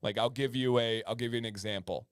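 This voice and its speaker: A man's voice: medium pitch, fairly even intonation, fast, smooth, no echo, clean studio sound. A man co-hosting a casual livestream chat, chatty and acting out pronunciations as he explains. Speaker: co-host.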